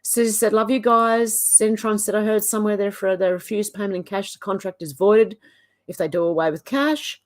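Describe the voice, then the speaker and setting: An Australian woman hosting a livestream at home, reading viewers' comments aloud in a steady run with quick asides of her own. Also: mid-range voice. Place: at home, off camera.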